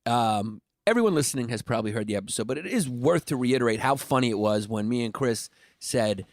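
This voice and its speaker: A man's voice: mid-range voice, fairly quick, dry recording, clean studio sound. A man, a podcast co-host riffing in a mocking, profane, casual comedic chat. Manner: animated, mocking riffs, profane.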